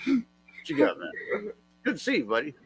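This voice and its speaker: Animated, cursing male streamer, dry close mic. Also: fairly high pitch, moderate pace, husky, dry recording. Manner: animated, swearing, talks to chat and a friend. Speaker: livestreamer. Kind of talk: casual live-stream chat.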